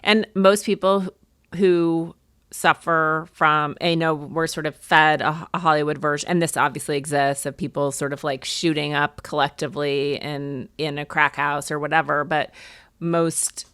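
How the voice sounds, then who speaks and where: A woman hosting a podcast, talking casually and thoughtfully, pausing to search for words mid-sentence. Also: low voice, fairly even intonation, fairly bright tone, clear, resonant tone, no echo, studio quality. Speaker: podcast host. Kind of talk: casual conversation.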